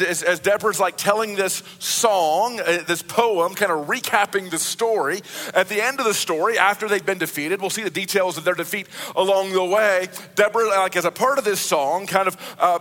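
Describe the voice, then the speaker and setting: A man's voice: sits high, sharp tone, in a large hall. A man preaching a sermon as pastor, earnest, often restarting and repeating words as he explains.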